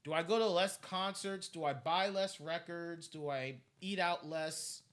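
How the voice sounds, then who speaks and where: A man's voice: a little high, measured pace, fairly bright tone. A man ranting on a live stream, heated and profane, repeating himself as he vents.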